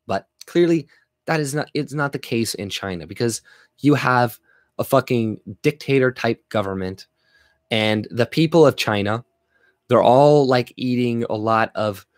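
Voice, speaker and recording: A man's voice: medium pitch, dry recording, studio quality. A man ranting on a livestream, blunt and profane, stumbling through restarts and fillers. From Canada. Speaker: livestream commentator.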